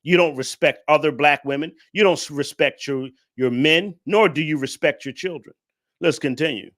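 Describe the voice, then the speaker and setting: Male commentary host, preachy lecturer, bright and somewhat high voice. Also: normal speed. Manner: preachy, lecturing, repeats points; addresses the audience directly. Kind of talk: reaction commentary on a clip.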